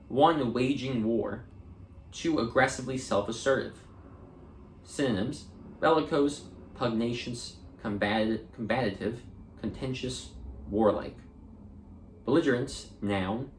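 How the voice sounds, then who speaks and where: A man reading dictionary entries aloud for an audiobook, measured and deliberate, sometimes restarting a word. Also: medium pitch, roomy sound, a little hiss or hum. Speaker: audiobook reader.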